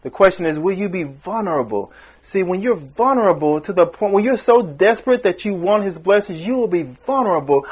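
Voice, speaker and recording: Guy preaching a sermon, fired up, kinda high voice, goes big then drops quiet. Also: expressive, a little fast, hardly any pauses, husky. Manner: impassioned, rising and falling emphasis with acted-out quotes.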